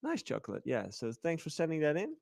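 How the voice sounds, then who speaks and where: A man's voice: a little high, huge pitch swings, a little fast, gravelly, darkish tone, no echo, studio quality. A man co-hosting a livestream, chatting playfully and rambling with fillers. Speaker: livestream co-host. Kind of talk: casual livestream banter.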